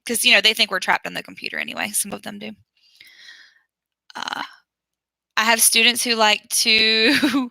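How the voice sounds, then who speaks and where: A woman's voice: fairly high pitch, normal speed, creaky, bright, forceful tone, no echo, poor audio. A woman who teaches online, chatting casually with viewers and often laughing or trailing off as she hunts around her screen. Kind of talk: casual livestream chat with viewers.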